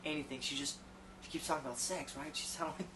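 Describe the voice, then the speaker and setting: A man's voice: on the high side, steady tone, fast talker, background noise. Man rambling through a comic tale. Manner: profane, rambling, self-deprecating. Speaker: storyteller. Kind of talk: casual comic storytelling.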